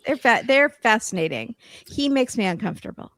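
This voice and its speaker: A woman's voice: a little high, very animated, a little fast, a bit bright, no room sound, clean studio sound. A woman guest on a podcast, chatting casually about a reality show and quoting the cast. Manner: chatty, quotes people with laughs. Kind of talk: casual chat recapping reality TV.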